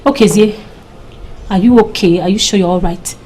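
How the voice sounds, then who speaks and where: An actress playing a proud, fiery young village woman with a Nigerian accent who talks scornfully and shouts. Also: medium pitch, moderate pace, a little hiss or hum, lightly acted, poor audio. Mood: wary. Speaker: young woman confronting a suitor.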